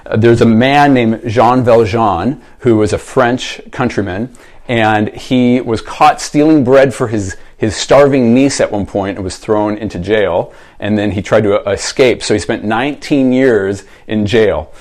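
A man's voice: fairly low pitch, a little slow, a little mellow. Conversational man preaching a sermon. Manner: conversational storytelling, asks the congregation reflective questions. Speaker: pastor.

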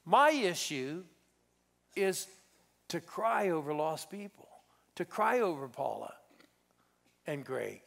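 Man preaching, loud then hushed. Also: fairly high pitch, sing-song, slow, gravelly, pauses often. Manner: preaching storyteller, swings between loud exhortation and hushed intensity. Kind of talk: sermon. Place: church sanctuary.

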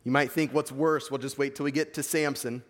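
A man's voice: mid-range voice, fairly even intonation, fairly quick. A man with an East Coast American accent preaching a sermon, reading scripture and pressing his points earnestly. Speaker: pastor. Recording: long hall reverb.

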